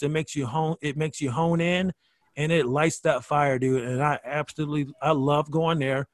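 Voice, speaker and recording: A man with a fairly high voice tells comedy-club stories in a loose, animated way. He swears, trips over his restarts and keeps pushing forward. The sound is dry and close, with no room in it. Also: no echo. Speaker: guest comedian. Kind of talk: casual podcast conversation.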